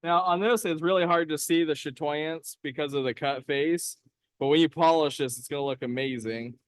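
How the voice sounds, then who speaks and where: A man with a smooth, resonant voice and a slightly high pitch chats upbeat on a live stream from a lapidary shop. The sound is dry and close, with no room around it. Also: normal speed, no room sound. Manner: upbeat, chatty, reads out viewer comments. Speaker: co-host of a live rock-cutting stream. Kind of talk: casual live-stream chat.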